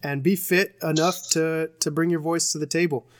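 A man talks earnestly on a podcast, dropping "dude" and "man" as he goes. His voice is slightly high. The sound is dry and close. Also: steady tone, moderate pace, no echo. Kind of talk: casual chat.

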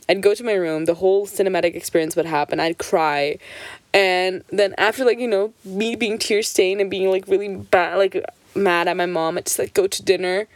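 Telling stories from her childhood, a young vlogger curses without hesitation and leans heavily on "like." Her medium-pitched voice has no echo, and she moves lively between fast lines and slow, drawn phrases.

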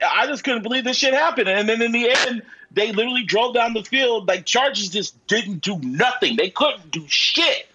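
A man co-hosting a podcast in casual chat, animated and profane, acting out his own reactions with a husky voice. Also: very high-pitched, normal speed, hardly any pauses, dull audio, noisy background. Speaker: podcast co-host.

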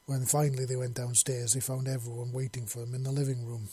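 A man reading fan fiction aloud, steady with small slips and restarts. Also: medium pitch, fast talker, hardly any pauses, slightly rough, no room sound. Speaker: narrator.

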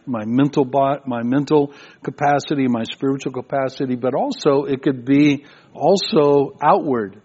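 Older male pastor, sermon, conversational storytelling, somewhat high voice, muffled lo-fi sound. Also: a little mellow. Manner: conversational storytelling preacher with frequent repetitions.

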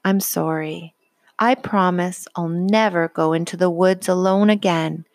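A woman's voice: on the low side, fairly even intonation, measured pace, dry recording. A woman reading a storybook aloud and voicing a small, frightened young boy turtle in a small, timid voice. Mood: earnest.

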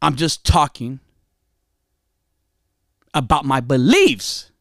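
A man hosting his own podcast, talking passionately and emphatically, with sudden loud bursts and low murmurs. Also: big pitch swings, slow, vocal fry, long pauses, dry recording, studio quality. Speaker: podcast host. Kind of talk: casual solo podcast talk. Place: podcast studio.

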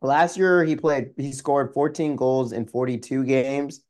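A man's voice: medium pitch, steady tone, measured pace, a little mellow. A man co-hosting a sports podcast, chatting casually with plenty of ums and restarts. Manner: rambling, many fillers and restarts. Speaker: podcast co-host.

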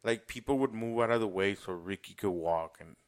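A man's voice: fairly low pitch, brisk, clear, resonant tone. A young man co-hosting a casual podcast chat, telling rambling, profane stories and mimicking the people in them. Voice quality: profane, rambling storyteller who mimics others. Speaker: podcast co-host.

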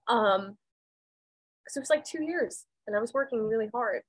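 A woman's voice: on the high side, animated, moderate pace, low-quality recording. Blunt, emotional woman telling her story. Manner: emphatic and blunt, swears freely; raw and emotional, voice dropping and rising. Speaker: podcast guest, medium and intuitive. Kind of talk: candid personal storytelling.

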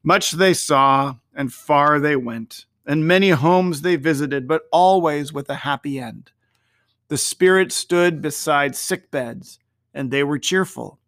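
A man hosting a daily series, reading a classic story aloud in a gentle, measured way. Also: fairly high pitch, no echo, studio quality. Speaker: storyteller host.

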